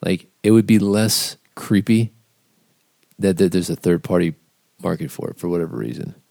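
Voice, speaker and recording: A man co-hosting a podcast, chatting casually in a blunt, profane, animated way. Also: sits low, normal speed, gravelly, no echo, clean studio sound. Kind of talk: casual chat.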